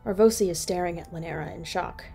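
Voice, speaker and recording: Mellow-voiced woman reading a story. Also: on the low side, quick pace, creaky, faint music behind. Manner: second-person storytelling. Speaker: story narrator. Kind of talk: reading a fan story aloud.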